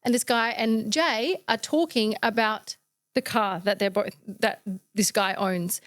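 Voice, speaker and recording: A woman's voice: fairly high pitch, a little slow, a bit bright, no echo. Blunt, direct woman on a dry mic. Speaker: guest, company founder. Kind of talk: casual podcast chat.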